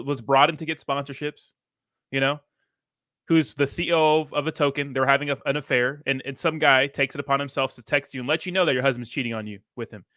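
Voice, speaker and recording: A man's voice: on the high side, fairly bright tone, no echo, studio quality. A man giving casual reaction commentary on a played clip, blunt and full of profane slang. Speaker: reaction streamer.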